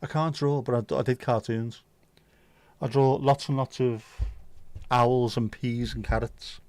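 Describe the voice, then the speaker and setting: A man's voice: medium pitch, fairly even intonation, measured pace, a little mellow, no echo. A man hosting a casual livestream, chatting loosely, reading out viewer comments and joking around with plenty of swearing. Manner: rambling, jokey, swears freely. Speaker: livestream host.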